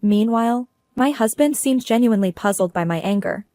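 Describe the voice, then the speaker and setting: A woman's voice: a little high, a little fast, warm tone, no room sound. Female narrator, cool businesslike delivery, dry close recording. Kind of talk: first-person story narration.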